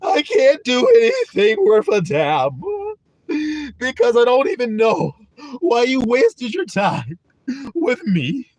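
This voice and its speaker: A desperate, whining man, as a preacher puts him on, pleading in a high, wobbling voice. He sounds close to tears and helpless. The voice is lively and swoops up and down. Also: slow, no room sound, exaggerated voice. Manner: whiny, pleading, near tears.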